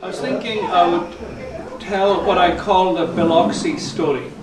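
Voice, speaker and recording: Guy rambling thru a funny story onstage, highish voice, echoey and far off. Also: measured pace, over a noisy crowd, heavy background noise. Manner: rambling, chuckling, with self-corrections. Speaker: folk musician telling a story on stage. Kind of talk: live anecdotal storytelling. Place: live concert venue. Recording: echoey, from a distant mic.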